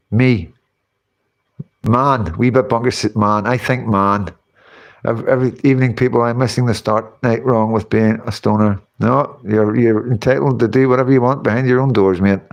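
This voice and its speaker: A man, hosting a casual livestream, rambling and chatting as he reads out comments, often breaking into laughter. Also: medium pitch. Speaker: livestream host reading chat.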